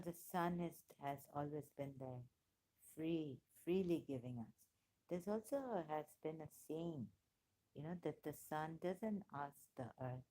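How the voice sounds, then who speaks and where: Low-voiced woman rambling with many fillers. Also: mellow, slight background noise. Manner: hesitant, many fillers and restarts; emotional, exclaiming. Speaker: vlogger. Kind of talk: rambling personal monologue.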